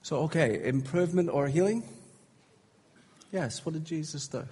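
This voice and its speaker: A man leading a live healing service from the stage, encouraging the congregation and joking gently with them. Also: on the high side, normal speed, husky. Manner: encouraging, gently humorous, calls out to the crowd. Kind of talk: live sermon ministry. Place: large hall with congregation. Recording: echoey hall with faint crowd.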